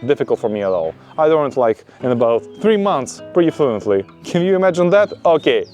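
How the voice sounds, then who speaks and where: Vlog host, male, mid pitch, upbeat and emphatic, asks his viewers rhetorical questions. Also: big pitch swings, fairly quick. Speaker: vlogger. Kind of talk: casual vlog monologue. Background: soft guitar music.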